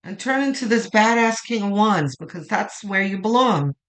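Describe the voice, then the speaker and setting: A woman's voice: mid-range voice, expressive, normal speed, rough recording. A woman giving a weekly tarot reading in an informal vlog, chatty and emphatic, swearing for emphasis and cheering her viewers on. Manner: emphatic, fired-up encouragement. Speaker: tarot reader.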